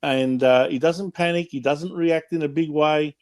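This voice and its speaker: A man's voice: on the high side, steady tone, moderate pace. A man co-hosting a casual sports chat show, easygoing and chatty as he picks up viewers' comments. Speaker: podcast co-host.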